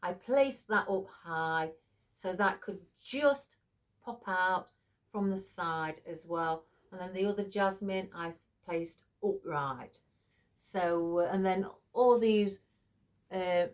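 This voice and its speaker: A woman florist talking through a vase arrangement in a casual tutorial, soft-spoken and apologetic, with frequent ums and trailing phrases. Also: lowish voice.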